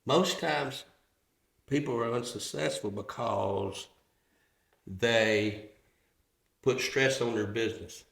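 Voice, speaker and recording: A middle-aged man, a podcast guest, telling stories about his car business in a folksy, halting way, often restarting his sentences. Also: medium pitch, gravelly, a bit bright. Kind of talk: casual chat. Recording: roomy echo.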